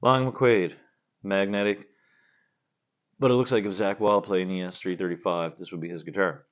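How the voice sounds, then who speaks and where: At home indoors, a man who plays guitar in a cover band drinks beer while answering viewer questions in a casual vlog. He talks bluntly and profanely in a loose, rambling way, with a deep, fairly even voice at a moderate pace, and the audio is dull.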